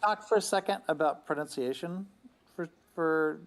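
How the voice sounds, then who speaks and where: A man with a gravelly, creaky voice takes part in a casual group discussion. He asks his questions slowly and inquisitively. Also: on the high side, crowd noise. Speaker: discussion participant.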